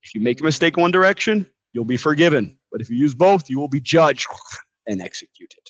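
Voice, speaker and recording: A man teaching a casual English lesson, explaining with jokes and lively asides. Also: fairly high pitch, a little fast, no room sound, dull audio. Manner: lively, joking, animated explanations.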